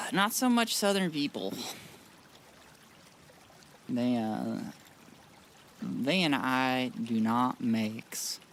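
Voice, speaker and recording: A man's voice: medium pitch, animated, very slow, pauses often, a bit bright, a little hiss or hum. Rambling, blunt male game streamer. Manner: rambling, blunt, with frequent restarts and swearing. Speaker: streamer playing a modded game. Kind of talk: casual live-stream chat.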